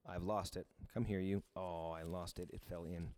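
A man's voice: low voice, steady tone, normal speed, a little mellow. A man preaching a sermon with casual, joking asides as he reads and explains scripture. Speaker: pastor.

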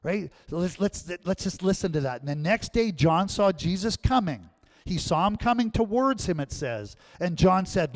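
A man preaching a sermon as pastor, animated and often checking in with the congregation. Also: sits high, normal speed.

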